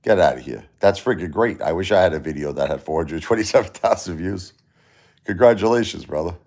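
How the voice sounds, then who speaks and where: Brooklyn accent, man, very low voice, livestream host, animated chat with viewers. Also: fast talker. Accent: Brooklyn New York. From Brooklyn, New York. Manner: animated, reads chat aloud, mock-Italian tough-guy phrases.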